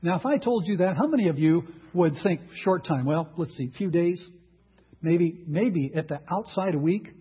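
Male preacher, slightly high and very husky, emphatic sermon delivery, dull lo-fi sound. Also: animated, normal speed. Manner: emphatic, rhetorical questions to the audience.

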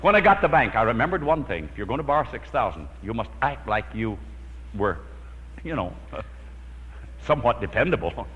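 A man's voice: medium pitch, sing-song, a little fast, pauses often, a bit bright. A man preaching a sermon, telling a personal prayer story with dramatic storytelling and acting out his own prayers. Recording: lo-fi hall recording with long reverb.

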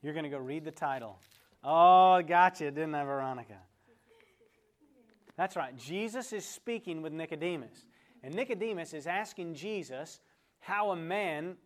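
Here the Bible teacher's voice runs on the high side. He leads a conversational lesson, first sharing a story, then quizzing the class and addressing individuals by name.

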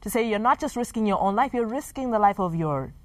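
A woman's voice: medium pitch, expressive, fast, no room sound. A woman, a mother, speaking as a podcast co-host in an earnest, reflective way. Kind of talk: casual chat.

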